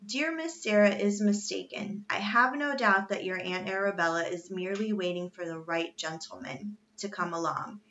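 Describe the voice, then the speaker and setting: A woman's voice: mid-range voice, normal speed, hardly any pauses, fairly bright tone, highs cut off, a little hiss or hum, lightly acted. A woman voicing a proper, unflappable male butler who speaks politely and formally in a storybook reading. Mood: gently reassuring.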